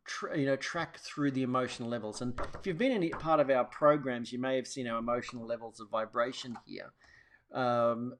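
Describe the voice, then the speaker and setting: A man hosting a wellness show, talking casually to viewers in a rambling way with many restarts. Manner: rambling, restarts often, acts out quotes in a high voice. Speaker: host.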